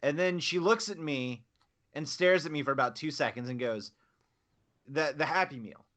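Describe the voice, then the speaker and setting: A man's voice: a little high, moderate pace. A man in his thirties, a podcast co-host, telling a story in casual chat and acting out both sides of the exchange. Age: 30s. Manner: animated, acts out both sides of his anecdotes.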